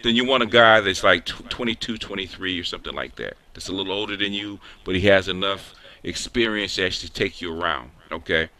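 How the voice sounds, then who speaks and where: A man hosting a casual online group discussion, talking in halting bursts with many restarts. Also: low-pitched, pushed and bright. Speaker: host of an online group call.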